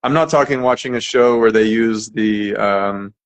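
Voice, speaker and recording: Chatty American man, relaxed fillers. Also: lowish voice, normal speed. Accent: General American. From United States. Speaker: English teacher, guest. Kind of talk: casual conversation.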